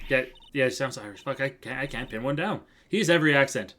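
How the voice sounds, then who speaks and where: A man chatting loosely while he plays through a game on a live stream. He jokes about his own attempts at voices and swears now and then. His pitch is ordinary and mid-range. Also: expressive, quick pace, few pauses, fairly bright tone, slight background noise. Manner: joking and self-deprecating, swears. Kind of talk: casual live-stream commentary.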